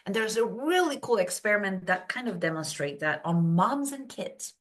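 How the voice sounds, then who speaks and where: A woman from Poland, a brain health coach, telling stories as a podcast guest and acting out quoted voices. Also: normal speed. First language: Polish. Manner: animated storytelling, acts out quotes in high voices. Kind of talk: casual podcast interview.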